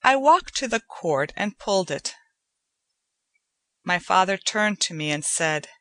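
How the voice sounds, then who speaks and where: A woman narrating a short story as an audiobook reader, in an even, unhurried way. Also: mid-range voice, dry recording.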